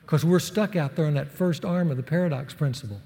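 A middle-aged man preaches to a room of men and spins a personal story with folksy energy. His voice sits a bit high and has a gravelly edge. A long reverb from a large hall trails his words. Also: a little fast, dark tone. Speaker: speaker at a men's ministry session. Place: large hall with a live audience.

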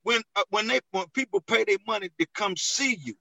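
High-voiced man giving advice, dry sound. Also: a little fast, creaky, bright, forceful tone, no room sound, poor audio. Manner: preachy, repeats phrases for emphasis. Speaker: comedian. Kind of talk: casual chat.

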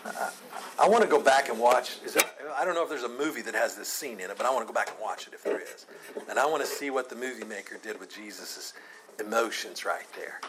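A man's voice: medium pitch, expressive, brisk, heavy background noise. A man teaching a Bible study class, earnest and emphatic, taking questions from the group.

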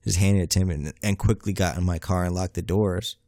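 A man's voice: deep voice, steady tone, a little fast, a little mellow, dry recording, clean studio sound. A young man hosting a podcast, telling a comic story in a laid-back, profane, slang-heavy way. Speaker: podcast host. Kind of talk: comedic storytelling monologue.

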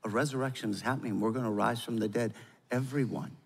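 An older man preaching a sermon as pastor, with emphatic delivery that swings from loud urgency to quiet gravity. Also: mid-range voice, steady tone, fast, vocal fry, slightly rough. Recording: long hall reverb.

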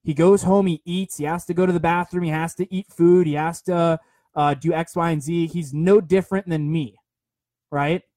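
A man's voice: fairly high pitch, fairly even intonation, moderate pace, dark tone, no echo. A young man giving a rambling, earnest motivational talk on a phone livestream, full of fillers and repeated words.

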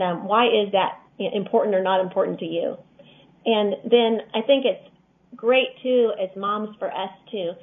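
A mother as a guest, speaking earnestly and slowly with many fillers. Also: medium pitch. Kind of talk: casual interview talk. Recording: tinny phone line.

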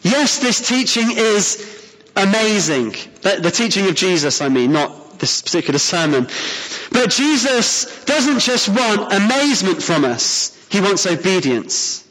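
High-voiced man preaching in a reverberant hall. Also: big pitch swings, a little slow, fairly bright tone. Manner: earnest, emphatic preaching with rhetorical questions. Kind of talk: sermon.

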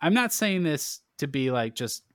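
A man's voice: on the high side, sing-song, normal speed, fairly bright tone, smooth, dry recording, studio quality. A man co-hosting a casual podcast chat, opinionated and blunt, swearing now and then as he makes his case. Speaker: podcast co-host.

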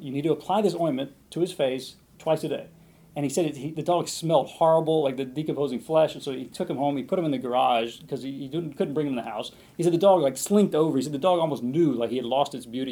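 A man delivers a sermon, slipping into a long anecdote and acting out the quoted lines. His voice is husky and mellow, and he talks fast while his pitch swings widely. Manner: animated retelling with many restarts. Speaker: preacher. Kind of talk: sermon storytelling.

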